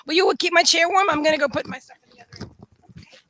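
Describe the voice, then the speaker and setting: A woman hosting a casual livestream from a room in her home, gushing and excitable as she talks to her dogs. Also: sits high, fast, dry recording. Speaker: host of a live psychic reading stream. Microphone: camera setup lit by a ring light.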